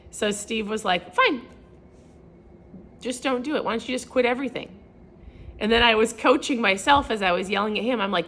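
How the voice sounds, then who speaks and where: A middle-aged woman gives a motivational talk from her home, acting out quoted lines with sudden jumps in her voice and laughing at herself. Her pitch sits in the middle, and a faint hum of room noise stays in the background. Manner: animated storytelling, acts out quotes with big pitch jumps; laughs often, self-deprecating. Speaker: lifestyle vlogger. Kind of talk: casual motivational talk to camera.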